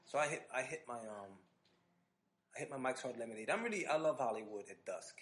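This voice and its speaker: A man hosting a podcast, telling an animated, casual story full of restarts and asides. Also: mid-range voice, fast talker. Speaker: podcast host.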